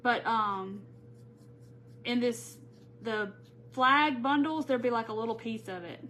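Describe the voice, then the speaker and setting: A woman with a fairly high, slightly bright voice chats through a live crafting tutorial at a measured pace, greeting viewers by name. Slight background noise can be heard.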